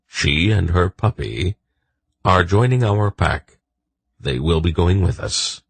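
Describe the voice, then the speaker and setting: A man's voice: sits low, slow pace, gravelly, breathy edge, exaggerated voice. A man voicing an old male wolf pack leader who speaks in a commanding, dry, decisive way in an audiobook.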